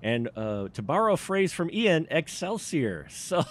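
A man's voice: on the high side, very animated, a little slow. A man hosting a casual live-stream chat, loose and chatty, laughing often. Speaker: podcast host.

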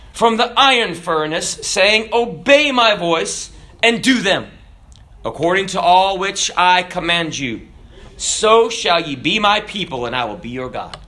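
A male preacher with a bright, ringing voice delivers a sermon. He moves from telling a joke like a storyteller to reading scripture aloud. Many of his lines sink into a low, quiet finish. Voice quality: dramatic drops in pitch and volume at line ends.

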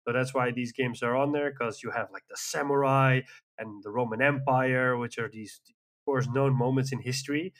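A man with a mid-range voice chats casually as a podcast co-host. He rambles with enthusiasm and drops frequent fillers as he goes. His voice sits at an ordinary pitch. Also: steady tone, normal speed, fairly bright tone. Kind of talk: casual chat.

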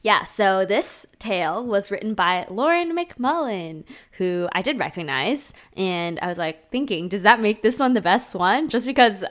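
A woman's voice: mid-range voice, lively intonation, unhurried, few pauses, fairly bright tone. A woman co-hosting a podcast, chatting casually and sharing fun facts about a cartoon episode, giggling now and then. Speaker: podcast co-host.

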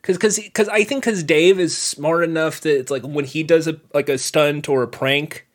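A man's voice: on the high side, fairly even intonation, moderate pace. A man co-hosting a podcast, chatting casually, rambling with many fillers and trailing off. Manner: rambling, lots of likes, mumbled trailing ends. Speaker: podcast co-host.

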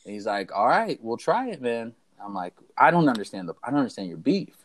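Young male podcast co-host, mid-pitched, storytelling, animated. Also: brisk. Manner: animated storyteller who acts out the voices of people in his story. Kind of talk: casual storytelling chat.

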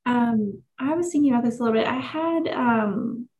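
A woman guest on a university interview show, answering questions in a measured, reflective way. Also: a little high, a little mellow, dull audio, slight background noise.

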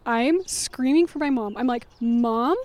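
A woman with a high voice tells a story in a casual chat. She is animated and dramatic and breaks into laughter often. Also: moderate pace, heavy background noise.

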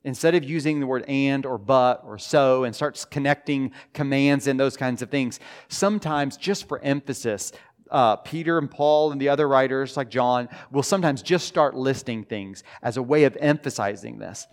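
A man preaching a sermon to his church in a relaxed, conversational way. His voice sits at a middling pitch, and he slows down to stress key lines and often trips over restarts. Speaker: pastor. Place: church sanctuary.

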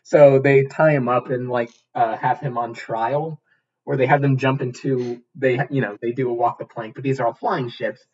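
A man co-hosting a casual movie-review podcast, sarcastic and quick to swear. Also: medium pitch, steady tone, breathy edge, dull audio. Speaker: podcast co-host.

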